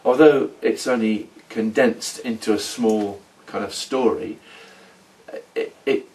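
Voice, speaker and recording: Man rambling through a halting story. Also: lowish voice, fairly even intonation, a little mellow, distant mic. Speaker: former oil company manager in a role-play. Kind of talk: unscripted role-play monologue.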